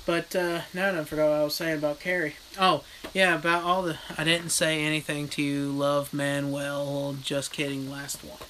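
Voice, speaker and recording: List: casual livestream rant, horror vlogger, blunt and profane, animated storytelling, mid pitch, faint hiss. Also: normal speed, hardly any pauses, low-quality recording. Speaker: horror vlogger reading live chat.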